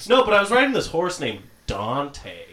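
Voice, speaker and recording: A man's voice: on the high side, huge pitch swings, moderate pace, a crowd in the background. A man guesting on a podcast, rambling and hunting for words in crude casual banter in a studio. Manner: rambling, hesitant, searching for words.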